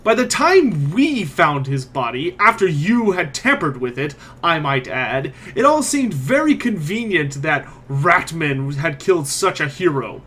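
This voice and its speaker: A man puts on a scowling witch hunter captain for a tabletop game, voice pitched up and pushed loud. He is self-important and blustering, and he jabs out accusations and threats. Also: big pitch swings, a little slow, hardly any pauses, husky, exaggerated voice. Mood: accusing.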